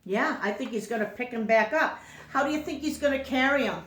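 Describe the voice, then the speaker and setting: A woman teacher reading a picture book aloud to children, slowly, often stopping to ask them questions. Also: fairly high pitch, roomy sound. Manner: slow, questioning storytime delivery.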